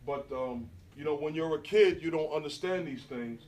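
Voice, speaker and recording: A middle-aged New Yorker who does graffiti tells animated, slangy stories to a live audience indoors and addresses them directly, his voice on the high side at a normal pace. An audience smartphone recorded him from far away, leaving a roomy sound with slight background noise.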